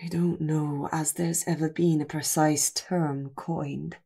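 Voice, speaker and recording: A woman voicing a huge, gruff male ogre with a light Scottish burr, speaking slowly and low in an audiobook. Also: level tone, warm tone, full character voice. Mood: wry. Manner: slow, low-key, often half-whispered. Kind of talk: audiobook character voice.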